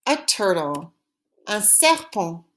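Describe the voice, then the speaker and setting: A woman teaching French vocabulary, saying each word clearly and repeating it for students to copy. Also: medium pitch, big pitch swings, fairly bright tone. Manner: slow, deliberate, repeating words for students. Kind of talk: language lesson drills.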